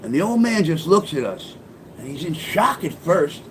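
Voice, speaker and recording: A man's voice: on the high side, sing-song, moderate pace, slight background noise. A man telling a personal story in a casual, profane, punchy street-talk way. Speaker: storyteller and author.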